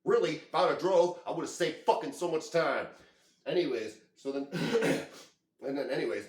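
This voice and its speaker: A man telling a story to his camera in a casual, rambling, excitable way, full of swearing. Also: on the high side, moderate pace. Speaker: vlogger. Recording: echoey room.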